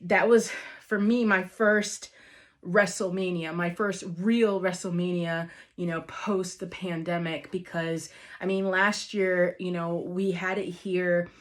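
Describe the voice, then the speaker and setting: A woman's voice: on the low side, flat delivery, slow. A woman vlogger gushing over a live wrestling event in a casual, emotional recap, laughing often and calling out to her viewers. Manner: gushing, emotional, laughs often, says "you guys" and "literally" a lot. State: near tears at moments.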